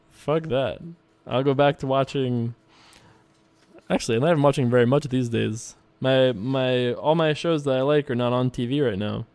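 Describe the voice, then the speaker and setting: A young man hosts a casual poker stream, his voice smooth and clear at an ordinary, middle pitch. He chats offhandedly with viewers as he plays, often breaking into laughter and letting the odd curse slip out. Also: darkish tone. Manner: chatty and loose, laughs often, swears casually. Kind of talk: casual commentary while playing online poker and reading viewer emails.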